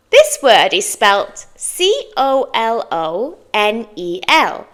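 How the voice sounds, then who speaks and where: A British woman teaching English pronunciation, modeling words slowly and clearly and praising the listener after each try. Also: fairly high pitch, big pitch swings, a bit bright. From Britain. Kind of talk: pronunciation lesson.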